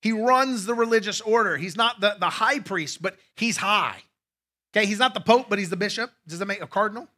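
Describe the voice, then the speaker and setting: Bright, high-voiced male pastor preaching. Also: a little fast. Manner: conversational preaching with asides to the congregation. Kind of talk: sermon.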